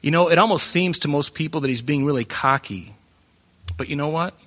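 A man preaching a sermon in an animated way, breaking into joking asides and acting out the voices of the people in his story. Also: on the high side, a little fast. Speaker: pastor.

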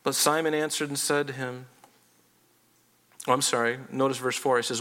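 A man's voice: mid-range voice, moderate pace, bright, forceful tone. A man preaching a sermon in an earnest, explanatory way, often restarting phrases. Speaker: pastor.

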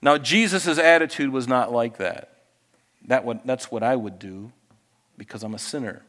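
A man preaching a sermon as pastor, moving between quiet, intimate asides and raised, emphatic passages. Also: medium pitch, moderate pace.

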